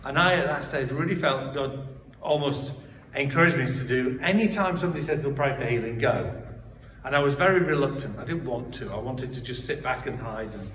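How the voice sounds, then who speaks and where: A man's voice: mid-range voice, brisk, fairly bright tone, a little hiss or hum. A man giving a personal testimony, told in a conversational way with frequent restarts and asides. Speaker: church member giving testimony. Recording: roomy hall, speaker far from mic.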